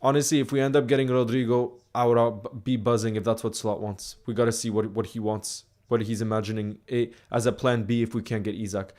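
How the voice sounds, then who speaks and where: A man hosting a live football watchalong stream, talking in a loose, chatty way. He rambles, trips over words and restarts often, at a mid-range pitch. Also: little pitch movement, a little fast, hardly any pauses, darkish tone.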